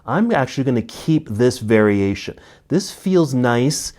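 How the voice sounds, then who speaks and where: Male yoga teacher, middle-aged, mid-pitched, steady calm cues, a little winded. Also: unhurried. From United States. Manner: calm cueing of poses and breaths. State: slightly out of breath. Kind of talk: guided yoga class instruction.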